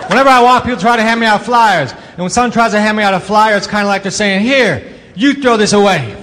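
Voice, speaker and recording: A man delivering deadpan stand-up one-liners before a laughing audience. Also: sits high, fast talker, long reverb tail, very noisy. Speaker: comedian. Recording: live club recording with crowd.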